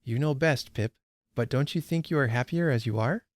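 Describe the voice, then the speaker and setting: A man reading aloud the lines of a gentle, sensible young woman who speaks quietly and frankly. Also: medium pitch, normal speed, no echo, studio quality, natural voice. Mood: calm. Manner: quiet, calm reasoning.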